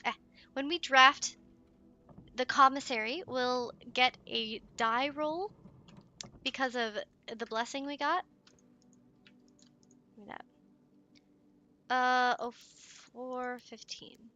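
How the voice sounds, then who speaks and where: A woman giving let's play commentary, excitable and giggly, chatting to her viewers and cooing at in-game pets. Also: sits high, slow pace, pauses often, dull audio.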